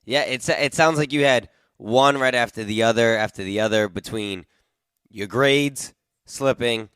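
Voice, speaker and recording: Smooth-voiced podcast host, dry sound. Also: male voice, medium pitch, measured pace, a bit bright, no echo. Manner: encouraging, sums up the guest's story and praises him. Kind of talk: casual interview chat.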